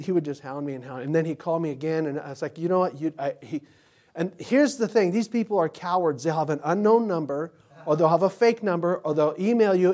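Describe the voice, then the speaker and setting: A pastor giving an informal Bible teaching, telling rambling personal anecdotes. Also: male voice, on the high side, darkish tone.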